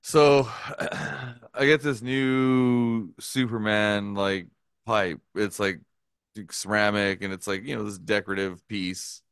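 A man's voice: fairly low pitch, fairly even intonation, slow, fairly bright tone, clean tone, no echo. A man casually telling a story, rambling with lots of swearing and filler words. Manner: profane, rambling, many fillers. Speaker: podcast co-host telling a story.

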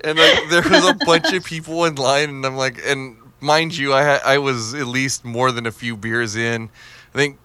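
A man's voice: medium pitch, steady tone, normal speed, pushed and bright, smooth, no room sound. A man in casual, crude podcast chat who swears freely and laughs often.

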